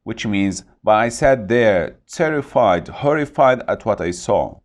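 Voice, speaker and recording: A man teaching English vocabulary, saying each word slowly and repeating it to model pronunciation. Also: lowish voice, expressive. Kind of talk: vocabulary lesson.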